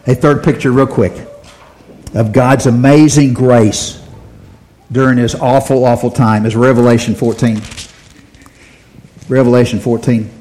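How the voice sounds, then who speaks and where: A man preaching a sermon in a folksy way, his voice rising loud when he quotes scripture. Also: medium pitch, rough recording. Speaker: pastor.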